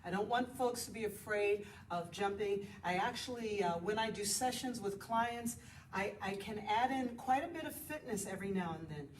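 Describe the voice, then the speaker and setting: A woman's voice: mid-range voice, normal speed, recorded from a distance. A woman yoga instructor guiding a live class, chatty and encouraging, counting poses aloud. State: out of breath at times. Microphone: body mic, at times distant. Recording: echoey room, voice from off mic, faint noise.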